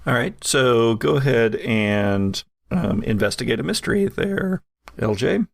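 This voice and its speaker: A man runs a tabletop game as game master in a gravelly, mid-pitched voice. He explains things with hesitant ums and uhs. The sound is dry and close. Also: animated, unhurried, no echo.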